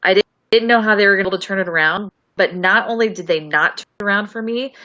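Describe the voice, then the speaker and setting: A woman's voice: medium pitch, quick pace, sharp tone, lo-fi sound. A woman on a live review panel, blunt and disgusted with what she watched. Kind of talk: live stream review chat.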